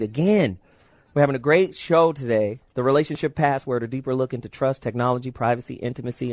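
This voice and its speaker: This radio talk show host is a middle-aged man with a medium-pitched, darkish voice, working a studio microphone in a radio studio. His late-night call-in talk is loose and brash, full of stories and reminders of the phone number.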